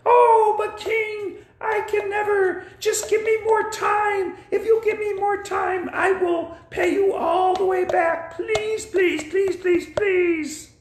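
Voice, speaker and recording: A man voicing a desperate debtor who begs and pleads in a squealing high voice for a puppet Bible story. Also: fairly even intonation, slow, hardly any pauses, a little hiss or hum. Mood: desperate pleading. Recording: echoey room, phone camera.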